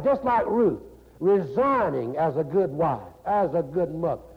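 Gravelly North Carolina preacher with lively pitch. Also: male voice, a little slow. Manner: folksy, laughing, animated preaching with repeated "you know". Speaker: pastor. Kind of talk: sermon. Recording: dull lo-fi recording in a reverberant hall.

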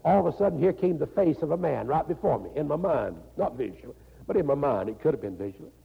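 An older man with a North Carolina accent, preaching a folksy sermon as a pastor, with a gravelly, husky voice that keeps slipping into "you know" and laughter. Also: a little high, animated, fast talker. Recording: dull lo-fi recording in a reverberant hall.

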